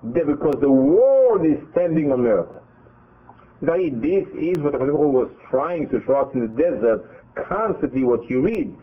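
A man giving a religious lesson, halting and repeating words as he acts out dialogue. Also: a little high, sing-song. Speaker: rabbi teaching a class. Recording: husky voice over a phone-like line.

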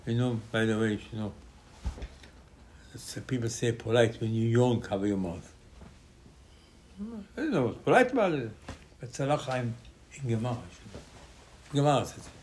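A man's voice: mid-range voice, animated, normal speed, long pauses, darkish tone, slight background noise. A man, a rabbi giving an informal Torah class in choppy English with lots of repetition. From Israel. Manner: choppy non-native English with many repetitions.

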